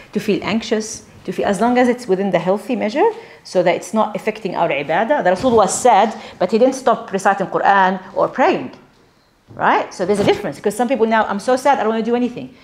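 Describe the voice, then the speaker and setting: A woman with an Australian accent giving a conversational religious talk to a gathering of women, asking them questions. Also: medium pitch. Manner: conversational, animated, asks the audience questions. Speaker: religious teacher.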